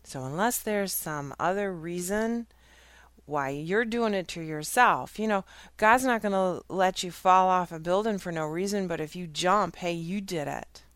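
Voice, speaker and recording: A middle-aged woman talks through a casual faith monologue in a smooth, resonant, slightly low voice. She is frank and chatty and laughs often. The sound is dry and close. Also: a little slow, no room sound. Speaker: host of a faith and current events talk. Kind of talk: casual Christian commentary monologue.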